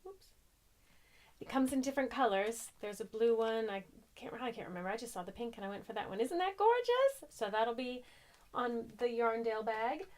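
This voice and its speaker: An American woman, a young adult, chatting casually and rambling a bit as a crochet podcaster, cheerfully self-deprecating. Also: a little high. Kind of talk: casual chat.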